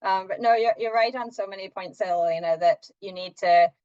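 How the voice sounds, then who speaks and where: A woman's voice: medium pitch, moderate pace, darkish tone, dry recording. A woman doctor gives practical advice on a webinar call. She is friendly and hesitant, with lots of ums. The audio is dry and a little muffled, with no room sound. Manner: friendly, practical, many fillers. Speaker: doctor and lactation consultant. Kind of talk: webinar panel talk.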